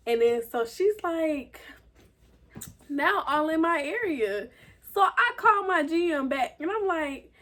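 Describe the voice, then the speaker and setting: A young woman, telling a profane, animated story about a fight at work in a casual vlog. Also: measured pace. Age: teens. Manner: animated, profane, acts out quotes in a higher voice. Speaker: vlogger.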